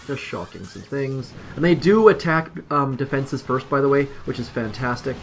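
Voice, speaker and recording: A man's voice: mid-range voice, animated, moderate pace, slight background noise. A man casually commenting as he plays a mobile strategy game, rambling and self-deprecating. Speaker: mobile game video host.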